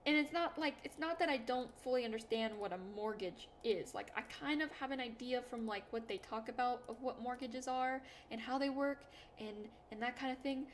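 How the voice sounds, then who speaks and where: A young woman talks casually to her audience in a slightly high voice. She rambles through self-deprecating stories, full of "like" and restarts. A faint background noise sits under the recording. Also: moderate pace, hardly any pauses. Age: young adult. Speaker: YouTuber. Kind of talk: casual chat to camera.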